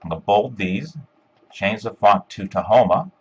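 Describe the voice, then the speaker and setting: A man giving a step-by-step screencast software tutorial, talking casually with lots of ums and uhs. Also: on the low side, animated, moderate pace, slightly rough, lo-fi sound. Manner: step-by-step, filler-heavy with frequent ums and uhs. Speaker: instructor.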